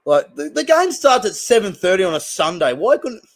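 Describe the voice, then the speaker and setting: A man's voice: sits high, big pitch swings, moderate pace, gravelly. A young man with an Australian accent casually chatting and reacting to plays as he hosts a live stream watch-along, rambling between topics. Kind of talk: casual live commentary and chat.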